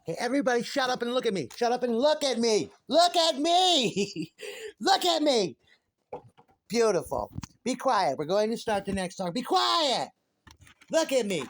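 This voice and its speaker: A man mocking a shrill, vain rock frontman. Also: level tone, quick pace, warm tone, slight background noise, lightly acted. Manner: shrill, mocking, demanding attention. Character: preening male rock frontman in a dress, vain and bossy.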